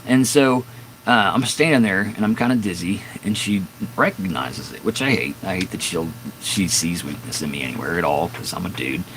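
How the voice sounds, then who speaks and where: A man's voice: low voice, moderate pace, a bit bright, slight background noise, poor audio. A man in his fifties casually telling a long, candid story on a live stream from his garage, rambling with fillers and restarts. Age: 50s. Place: home garage with door open at dusk.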